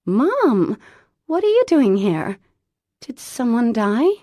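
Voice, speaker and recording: A woman voicing a flustered, tearful young woman in love, speaking high and breathless. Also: extremely slow, darkish tone, no echo, studio quality.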